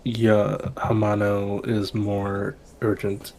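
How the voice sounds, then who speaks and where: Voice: low voice, completely flat delivery, slow, creaky, a crowd in the background, rough recording. A player in a tabletop game who explains their moves hesitantly, restarting as they go.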